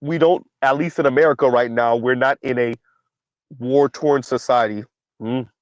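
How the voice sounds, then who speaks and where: A man's voice: mid-range voice, steady tone, moderate pace, dry recording, lo-fi sound. A man hosting a casual commentary stream who reads viewer comments aloud, keeps asking "right?", and has a dry cough. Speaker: commentary channel host.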